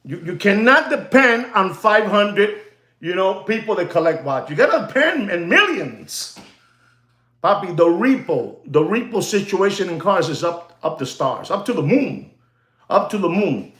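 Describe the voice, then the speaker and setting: A man's voice: high voice, big pitch swings, measured pace, fairly bright tone, echoey room. A man who deals in watches, speaking in an emphatic, repetitive vlog rant full of heckling. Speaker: watch dealer.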